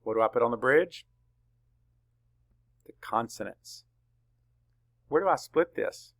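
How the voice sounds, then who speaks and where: A male teacher runs a spelling lesson for young children, dictating words slowly and deliberately letter by letter, asking questions and answering them himself. His voice is medium-pitched, expressive, gravelly and a bit bright.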